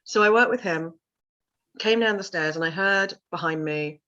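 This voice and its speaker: A middle-aged woman with a lowish voice tells her story in an interview, animated and expressive. She is a vocal coach who slips into little voices when quoting people. The audio is somewhat dull and lo-fi. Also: moderate pace. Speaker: vocal confidence coach and sound healer.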